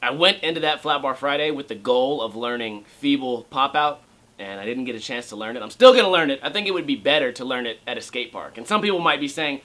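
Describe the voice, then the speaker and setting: This young man's home skateboarding vlog is a sarcastic, sweary rant full of impressions mocking other people. His medium-pitched voice is very animated and sharp, delivered at a normal speed.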